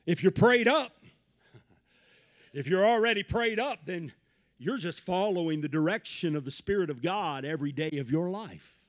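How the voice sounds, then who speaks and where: A man preaching a Pentecostal sermon, swinging from low asides to shouted peaks and repeating phrases in a rhythmic build. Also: animated, normal speed. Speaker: pastor.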